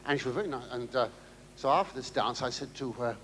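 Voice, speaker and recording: A man's voice: mid-range voice, fast, a bit bright, a little hiss or hum. An older male comedian taking audience questions, rambling through stories with stammers and wry asides. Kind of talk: stand-up audience Q&A.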